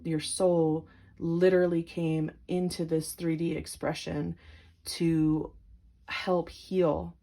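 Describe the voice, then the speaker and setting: A woman doing a pick-a-card tarot reading to her viewers, gentle and emotional, with lots of filler words. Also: low voice. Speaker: tarot reader.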